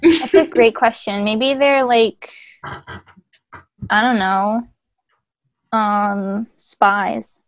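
A woman's voice: a little high, steady tone, extremely slow, long pauses, no room sound, low-quality recording. A woman reading a story aloud to friends over a video call, chatty and self-deprecating. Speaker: reader. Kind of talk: casual comedic group reading.

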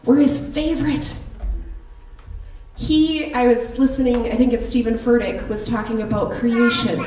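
A woman's voice: on the high side, steady tone, warm tone, slight background noise. Lay preacher, female, earnest and reflective sermon, recorded far off in a roomy sanctuary. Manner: earnest, personal, slow and reflective. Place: church sanctuary. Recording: roomy church hall, distant mic.

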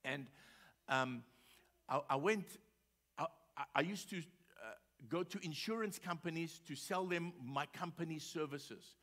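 A man's voice: on the high side, a bit bright. A man preaching a sermon as pastor, telling a personal story in a conversational way with frequent repeated words. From South Africa.

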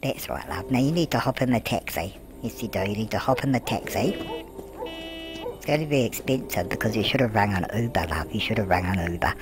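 A man's voice: fairly low pitch, lively intonation, fairly quick. A man voicing a gossipy grandmother character, narrating a life-sim game with cheeky asides, calling everyone love and answering his own questions. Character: chatty elderly grandmother persona, cheeky and gossipy. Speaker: gameplay narrator. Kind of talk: comedic gameplay commentary. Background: background music.

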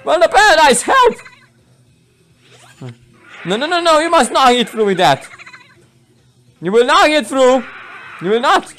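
A man voicing an excitable, boastful young orange hero who yells in triumph and panic. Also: moderate pace, pauses often, slight background noise, exaggerated voice. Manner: shrill, triumphant yelling.

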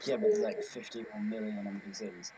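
A man on voice chat with faint noise behind him, bantering with a friend while gaming. He teases and jokes quickly, a loose casual talker. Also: lowish voice, fairly even intonation, warm tone, rough recording. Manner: joking, teasing, quick-talking. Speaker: gaming partner.

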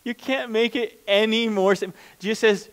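A man's voice: sits high, steady tone, moderate pace, clear, resonant tone. A man preaching a conversational sermon as pastor, plain-spoken and informal, often restarting mid-sentence.

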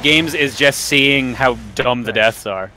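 A man giving casual, jokey commentary while playing a co-op game, quick to laugh. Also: medium pitch, pushed and bright, slight background noise. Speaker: co-op gamer.

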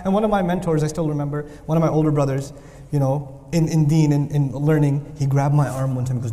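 A man teaching a class of students in a lively, animated lecture, mixing joking asides with emphatic repetition. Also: on the high side, fast. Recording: long reverb of a large hall.

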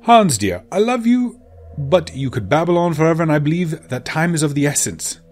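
A man's voice: fairly high pitch, big pitch swings, moderate pace, a little mellow, faint music behind, pitched above the performer's own voice. A man voicing a flamboyant, theatrical male elf who lectures with playful asides.

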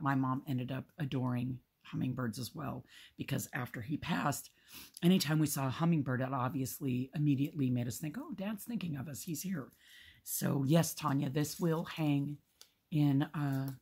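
A middle-aged woman, stuffy from allergies, chatting casually and gushing warmly while opening a gift at home. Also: rumbling low, gravelly, husky. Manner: gushing, affectionate. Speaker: crafting vlogger. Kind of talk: casual unboxing chat.

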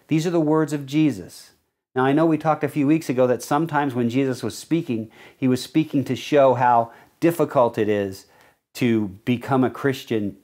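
With a medium-pitched, darkish voice, a male pastor delivers a sermon in an earnest, teaching style. He explains the verses and reads scripture at a slow pace, putting stress on key words.

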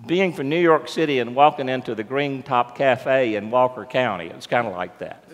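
A man's voice: mid-range voice, normal speed. A man preaching a sermon as pastor, telling the story conversationally and putting questions to the congregation. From United States. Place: church sanctuary. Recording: long church reverb.

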